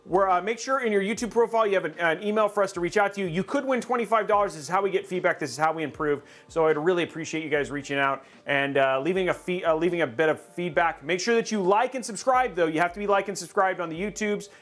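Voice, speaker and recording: High-voiced man hosting a jokey stream. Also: fast talker, few pauses, a bit bright. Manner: jokey and upbeat, rambling with fillers. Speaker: livestream host. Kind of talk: casual livestream chat.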